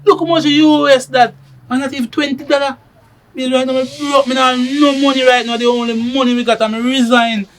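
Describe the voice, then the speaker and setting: A man doing a high-voiced Jamaican accuser, frantic, repetitive, pleading. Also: flat delivery, brisk, fairly bright tone, a little hiss or hum. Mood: distressed. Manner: pleading, repeating himself, rising into protest. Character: agitated man accusing his partner of stealing money. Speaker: actor in a short film.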